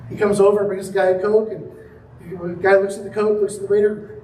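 Male preacher, high voice, sermon delivery with acted-out story, echoey hall mic. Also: little pitch movement, a little fast, darkish tone, slight background noise. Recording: echoey room from a distance.

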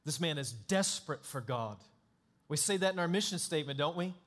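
A male pastor preaching a sermon in an emphatic, dramatic way, swinging between hushed and loud. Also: a little high, lively intonation, fairly quick.

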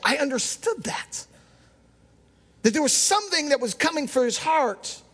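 A man pastor preaching a sermon with emphatic delivery, at times raising his voice to a shout. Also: very high-pitched, big-room sound.

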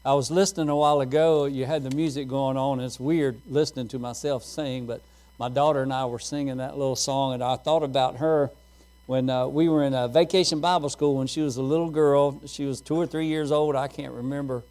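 A man's voice: mid-range voice, fairly even intonation, a little fast, darkish tone. A middle-aged man preaching a sermon, telling folksy stories and laughing at his own jokes.

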